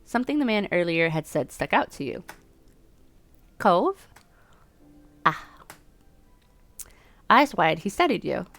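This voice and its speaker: A woman's voice: fairly low pitch, very animated, slow, gravelly, long pauses, a bit bright. A young woman streaming a dating sim, reading the game text aloud and chatting about it in a self-mocking way, laughing often. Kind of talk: casual let's-play commentary and reading game text aloud.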